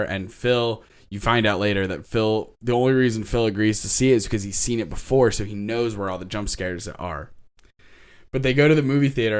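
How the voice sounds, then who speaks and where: A man co-hosting a podcast, casually retelling a TV episode with lively asides, acting out characters' lines, laughing often and swearing now and then. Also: fairly low pitch, clear, resonant tone. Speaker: podcast co-host.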